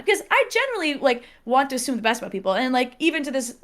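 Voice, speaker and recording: Young woman chatting, kinda high voice, acts out all the quotes, laughs a lot. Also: very fast. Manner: animated storyteller, acts out quotes, laughs often. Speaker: podcast guest. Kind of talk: casual chat, storytelling.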